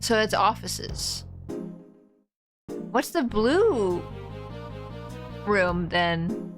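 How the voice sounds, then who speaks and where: A woman streaming a game live, excitable and laughing as she comments and reads lines aloud. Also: mid-range voice, drawn-out words, long pauses. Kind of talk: live let's-play commentary. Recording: game music under the voice.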